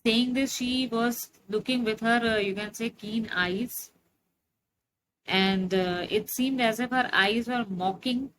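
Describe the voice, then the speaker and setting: Slow-paced woman teacher explaining a story. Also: fairly high pitch, background noise. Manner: slow, explanatory, frequent fillers. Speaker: English teacher.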